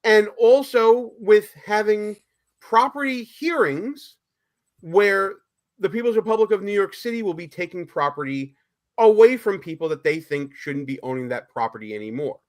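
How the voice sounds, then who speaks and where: A man's voice: sits high, lively intonation, normal speed. A man hosting a political talk show, speaking emphatically with a sarcastic edge. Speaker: host.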